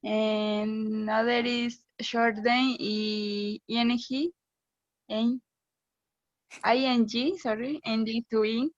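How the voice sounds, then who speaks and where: A young woman whose first language is Spanish presents to her class in slow, hesitant English, stopping often on fillers. The sound is dry and close, on a dull, lo-fi recording. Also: on the high side, fairly even intonation, no echo. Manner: hesitant, halting, with many fillers. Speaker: student presenter.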